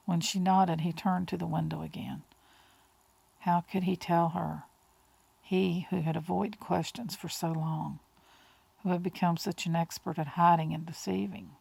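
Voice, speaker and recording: Woman narrator, gravelly, husky, slow and hushed, audiobook narration. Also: on the low side, fairly even intonation, no room sound, rough recording.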